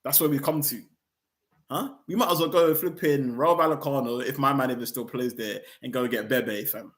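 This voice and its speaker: A man's voice: mid-range voice, moderate pace, fairly bright tone. A young man, ranting angrily about his football team on his fan channel, firing off heated rhetorical questions and slang.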